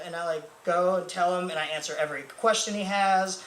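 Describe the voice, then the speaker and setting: A man's voice: high voice, fairly even intonation, brisk, fairly bright tone. A young man performing a stand-up comedy set, rambling and self-mocking with lots of fillers. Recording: echoey club room with faint noise.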